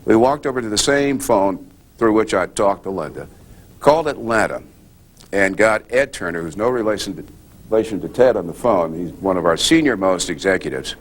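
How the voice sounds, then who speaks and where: Older guy journalist, really low voice, slow and deliberate, pausing a lot. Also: lively intonation. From United States. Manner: measured, deliberate, with pauses and restarts. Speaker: guest speaker, journalist. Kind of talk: storytelling answer at a press club Q&A.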